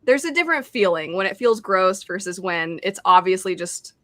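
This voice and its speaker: A woman's voice: medium pitch, expressive, moderate pace, fairly bright tone, dry recording. A woman hosting a reading stream in casual chat, reading out chat messages and laughing often. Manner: chatty, reads chat aloud, laughs often.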